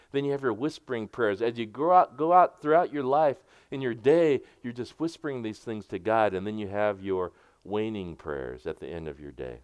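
Male pastor giving a sermon, lowish smooth voice, dry close sound. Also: expressive, moderate pace, few pauses, no room sound. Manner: swings from bright emphatic preaching to hushed near-whispered prayers.

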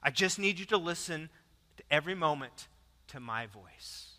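A man pastor voicing a calm male friend who talks another man through a tight cave, low, soft and slow in a sermon. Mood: reassuring. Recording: long church reverb.

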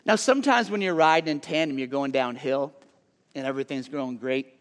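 A man giving a casual sermon to a live audience. He chats in an animated way with lots of "like" asides, then drops to a soft, hushed tone for earnest appeals. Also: mid-range voice, brisk, smooth. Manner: chatty and animated, full of "like" asides. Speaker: youth speaker. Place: large hall with a live audience. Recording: long hall reverb.

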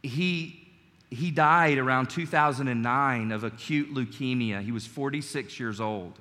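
A man's voice: medium pitch, measured pace, bright, forceful tone, big-room sound. A man in his forties preaching a sermon, telling a personal story in an earnest, emphatic way. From North Carolina. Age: 40s. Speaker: pastor.

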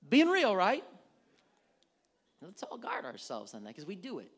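A man's voice: sits high, measured pace, husky. Guy pastor preaching real casual, voice jumps all over, acts out bits of conversation. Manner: animated, acts out little dialogues with shifting tones. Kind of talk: conversational sermon.

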